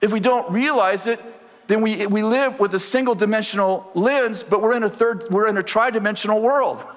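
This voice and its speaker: Man, preacher, storytelling sermon, lively acted-out dialogue, fairly high voice, long hall reverb. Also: moderate pace. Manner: animated storyteller, acts out dialogue, laughs often.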